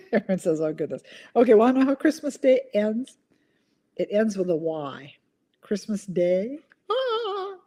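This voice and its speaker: Chatty woman with a lively voice. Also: mid-range voice, unhurried. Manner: chatty, giggles at her own corny jokes. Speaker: host of a live online chat. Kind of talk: casual live-stream chat, reading viewer comments.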